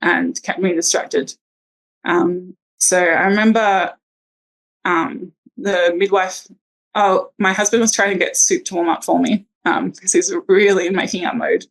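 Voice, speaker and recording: A woman's voice: fairly low pitch, fairly even intonation, a little slow, low-quality recording. A woman telling her birth story in a casual interview, chatty with lots of ums and likes. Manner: chatty, many ums and likes, acts out quotes.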